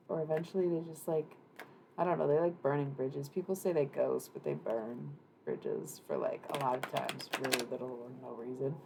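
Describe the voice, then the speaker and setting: Deep, low woman with vocal fry; casual live tarot streamer, rambly and loose. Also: moderate pace. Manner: rambling, chatty, swears casually. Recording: noisy room ambience.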